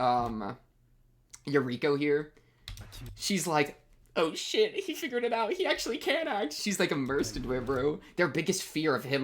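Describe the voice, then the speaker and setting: A man's voice: medium pitch, slight background noise. A young man hosting an anime reaction, talking in casual, gushing commentary and throwing in "bro" constantly. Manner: excitable, gushing, peppers speech with "bro".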